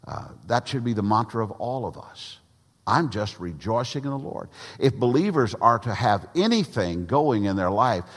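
An older man from Tennessee, preaching a sermon with emphatic pauses and folksy stories. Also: mid-range voice. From Tennessee, USA. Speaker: pastor. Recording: long hall reverb.

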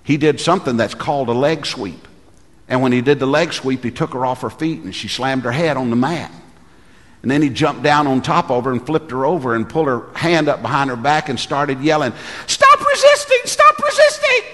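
A man's voice: mid-range voice, brisk, long reverb tail. A middle-aged man preaching, a pastor telling folksy stories and acting out the voices he quotes. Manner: folksy storyteller who acts out quoted voices. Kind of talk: sermon with storytelling.

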